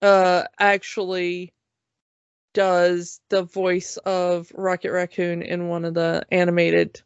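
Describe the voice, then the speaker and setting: A lower-voiced woman in a casual podcast chat who talks very slowly and haltingly, with many fillers. The recording is dull and lo-fi, with a dry, close sound. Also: monotone, clear, resonant tone, dry recording. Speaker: podcast co-host.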